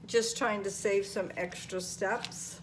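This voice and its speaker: Slow, homey older woman. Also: medium pitch, fairly even intonation, slight background noise. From Maine. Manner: homey, chatty, talks viewers through each step. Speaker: home cooking vlogger. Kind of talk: casual cooking demonstration. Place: home kitchen.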